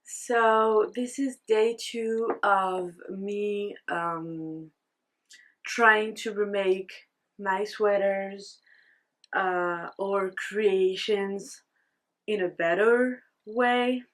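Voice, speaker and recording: Slow chatty french-accented girl vlogging, rambly, kinda tired, laughs at herself. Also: mid-range voice. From France. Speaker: knitting vlogger. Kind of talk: casual vlog chat.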